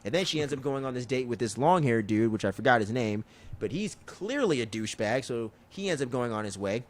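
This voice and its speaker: A man co-hosting a podcast, recapping an episode in casual chat, telling it loosely and profanely with quick impressions of the characters. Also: medium pitch, animated. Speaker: podcast co-host.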